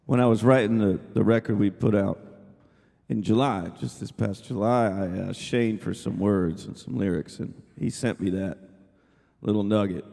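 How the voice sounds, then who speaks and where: Gravelly man chatting from a live stage. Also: fairly low pitch, moderate pace, dark tone. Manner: rambling, chatty, with many restarts. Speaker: singer-songwriter on stage. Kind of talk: live stage storytelling between songs. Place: small live music coffeehouse stage. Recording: live room with long reverb and guitar.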